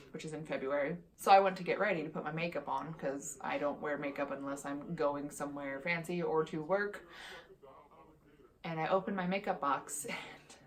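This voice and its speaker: A young woman with a slightly low-pitched voice tells a storytime vlog in a candid, exasperated way. She swears freely and keeps things casual and chatty. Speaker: vlogger.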